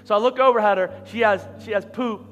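A man in his thirties from Philadelphia, preaching a sermon in a large church and telling a lively personal story. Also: sits high, quick pace, highs cut off. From Philadelphia, USA. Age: 30s. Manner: animated, rising to near-shouting. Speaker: pastor. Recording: long hall reverb, faint music.

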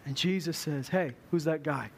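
High-voiced storytelling preacher man. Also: normal speed, slight background noise. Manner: humorous storytelling, acts out voices. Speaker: pastor. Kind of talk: sermon. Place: church.

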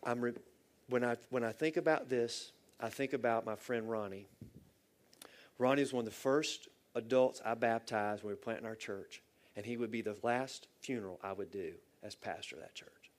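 A middle-aged male pastor preaching a heartfelt sermon, telling a personal story with swings from loud bursts to near whispers. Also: medium pitch, moderate pace. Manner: earnest, emotional storytelling with sudden loud bursts and soft, near-whispered lines.

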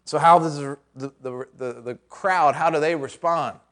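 Male pastor, high voice, chatty sermon with rhetorical questions and light jokes. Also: measured pace, a bit bright. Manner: conversational, with rhetorical questions and joking asides.

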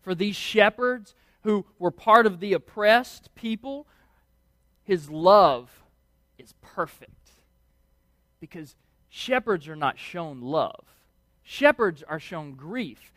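A man preaching a sermon, telling the story in a lively, casual way and acting out voices of the people in it. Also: high voice, no room sound, studio quality. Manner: animated storytelling, acts out voices.

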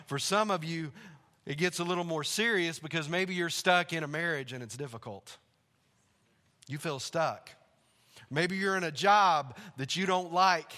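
A male pastor delivers a sermon in a chatty, storytelling way, with a high-set and bright voice. His words ring out with long reverb across a church sanctuary. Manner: conversational storytelling, laughs along.

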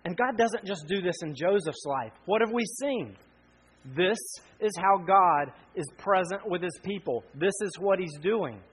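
A man in his thirties preaching a sermon, earnest, with frequent pauses that build to emphatic appeals. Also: sits high, lively intonation, husky, rough recording. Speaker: pastor.

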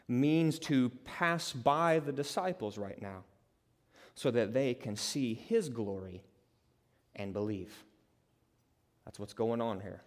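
Preacher in an echoing hall. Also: male voice, medium pitch. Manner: conversational, dramatic, builds to loud emphatic peaks. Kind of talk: expository sermon. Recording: long reverb of a large hall.

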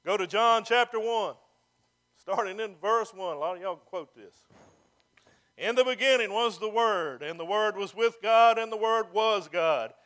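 A man's voice: sits high, normal speed, fairly bright tone. A man preaching a sermon as pastor, building to emphatic calls and stretching out key phrases.

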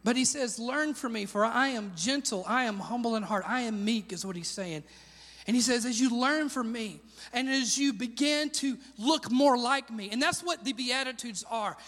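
A man preaching a sermon as pastor, animated, rising to shouts on key lines and asking the congregation to repeat words after him. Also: very high-pitched, normal speed, in a large hall.

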